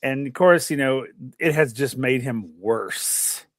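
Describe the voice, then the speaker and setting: Slow, exasperated man on a dry mic. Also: medium pitch, dry recording. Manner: exasperated, grumbling, laughing at himself. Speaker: podcast co-host. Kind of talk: casual wrestling review chat.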